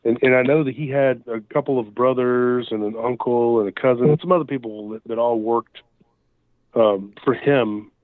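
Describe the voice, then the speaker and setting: A man's voice: medium pitch, steady tone, moderate pace, dry recording. A man guest telling encounter stories in casual, rambling speech full of restarts and fillers, heard through a phone call. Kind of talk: casual storytelling over the phone. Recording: tinny dry phone line.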